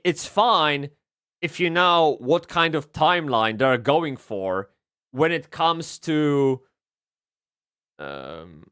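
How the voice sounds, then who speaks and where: A man streaming a game live, rambling and swearing as he swings from excited yelling to low muttering. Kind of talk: live gameplay commentary.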